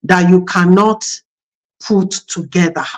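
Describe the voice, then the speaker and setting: A woman's voice: fairly low pitch, fairly even intonation, slow, low-quality recording. A woman, a pastor hosting a conversation about marriage, telling anecdotes in a reflective way with many fillers. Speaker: pastor and host.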